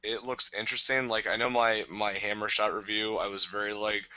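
A man's voice: lowish voice, flat delivery, pushed and bright, no room sound, rough recording. A man co-hosting a podcast in casual chat, talking at length and laughing often. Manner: chatty, laughs often, drawn-out rants. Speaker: podcast co-host.

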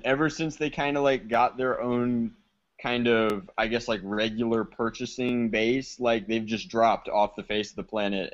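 A man co-hosting a podcast in casual chat, speaking bluntly with strong opinions. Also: medium pitch. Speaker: podcast co-host. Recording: dull lo-fi sound.

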